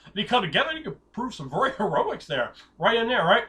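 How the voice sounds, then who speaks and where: A man giving tabletop game master advice in an excitable, hyperbolic way, rambling with restarts and jokey tangents. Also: sits high, quick pace. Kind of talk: casual advice talk.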